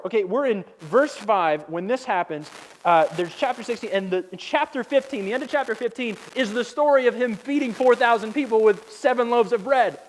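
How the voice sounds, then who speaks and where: A man's voice: high-pitched, lively intonation, fairly quick, slight background noise. A male pastor giving a sermon, telling stories in a casual, humorous way with slang.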